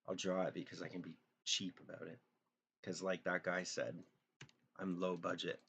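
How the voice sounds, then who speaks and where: A young man with a deep, low-pitched voice chats loosely on a live drawing stream. He rambles, jokes with his viewers and mumbles bits of songs he half remembers. Faint mouse clicks sit behind his talk. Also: flat delivery, normal speed, fairly bright tone, slight background noise. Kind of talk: casual live-stream chat.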